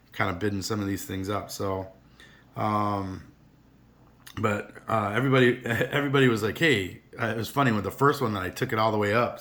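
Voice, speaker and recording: A man's voice: fairly low pitch, fairly bright tone. A middle-aged man chatting casually to camera about his collection, rambling and earnest with many restarts. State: emotional, teary. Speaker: card collector vlogger.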